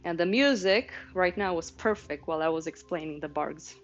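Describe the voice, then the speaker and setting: A woman's voice: lowish voice, normal speed. Chatty woman teaching art on a stream. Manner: chatty, explanatory, talks to viewers in chat. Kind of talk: casual teaching livestream. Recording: slightly muffled stream with faint music.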